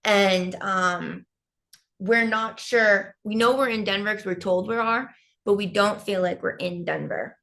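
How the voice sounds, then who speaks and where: A woman of middle pitch leads off a relaxed chat in a playful, joking way. She slows down when she explains things, and her tone stays easygoing and light. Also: creaky. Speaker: co-host. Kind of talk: casual chat. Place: hotel room.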